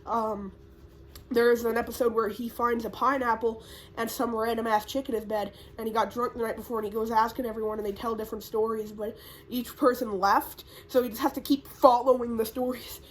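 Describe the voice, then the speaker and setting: A woman's voice: fairly high pitch, little pitch movement, a little fast, a little hiss or hum. Rambling, profane young woman vlogger. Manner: rambling, profane, lots of fillers. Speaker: YouTuber. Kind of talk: casual rambling recap.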